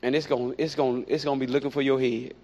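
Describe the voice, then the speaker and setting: A man preaching a sermon, animated and repetitive, with playful asides. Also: medium pitch, very fast. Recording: dull lo-fi recording.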